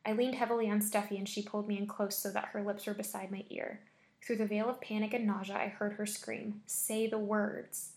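A woman reading a scary story aloud with steady, measured storytelling. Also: medium pitch. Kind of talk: scripted horror story narration.

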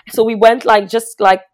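A young woman telling a personal story in casual chat, loose and profane, with many restarts, swinging from hushed to laughing loudly. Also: a little high, flat delivery, measured pace.

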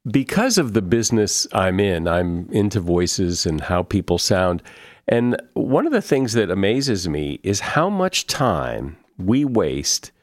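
Low-voiced male podcast host, dry sound. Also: sing-song, slow pace, dry recording. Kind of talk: conversational interview.

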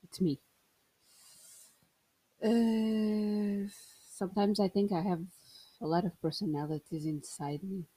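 A woman's voice: mid-range voice, steady tone, takes it slowly, long pauses, warm tone, husky. A woman in her thirties from Portugal with a Portuguese accent, hosting a solo podcast in a playful, rambling, self-mocking way. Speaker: podcast host.

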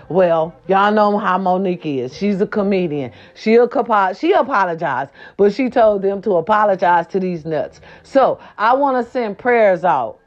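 A woman hosting a casual celebrity gossip chat, sassy and animated, repeating her catchphrases, with a sore throat. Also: mid-range voice, muffled recording. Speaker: gossip vlog host.

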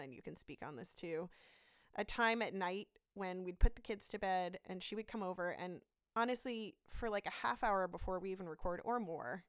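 A woman's voice: lowish voice, clean tone, no room sound, studio quality. A woman in her thirties, a doctor and podcast co-host, animatedly retelling stories in a casual interview. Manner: animated, laughing, lively retelling. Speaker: physician and podcast co-host, guest.

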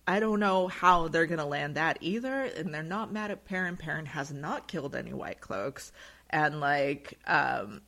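Podcast co-host, woman, chatty recap delivery, lively swooping pitch, loose and filler-heavy. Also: creaky. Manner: chatty, lots of fillers, quick laughs. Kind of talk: casual chat recap.

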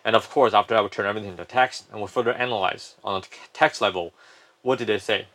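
A man's voice: fairly low pitch, fast, fairly bright tone. A man, a company founder, explaining his firm at length in a casual interview, often restarting sentences.

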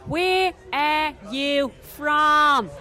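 A woman voicing a Dublin man nervous about a holiday abroad, in a Dublin accent and speaking loud and slow. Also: medium pitch, expressive, some chatter behind, natural voice. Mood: earnest. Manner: loud, slow, over-careful speech.

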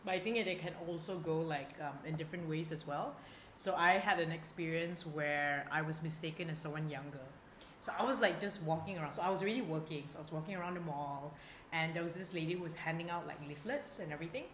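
A woman's voice: low voice, fast, a bit bright. Young woman, Malaysian English accent, earnest podcast chat, roomy echo, faint noise. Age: 20s. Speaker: podcast co-host. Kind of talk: casual chat. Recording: echoey room, faint background noise.

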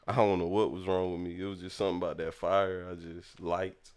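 A man's voice: sits low, flat delivery, moderate pace, darkish tone. A young man, casually telling stories from his childhood, laughing often and acting out quotes. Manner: laid-back, laughs often, acts out quotes. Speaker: podcast storyteller. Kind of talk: casual storytelling.

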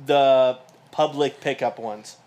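A male co-host with a mid-pitched voice talks in a relaxed, offhand way, trading stories in casual banter. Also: slow pace. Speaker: podcast co-host. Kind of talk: casual comedic chat.

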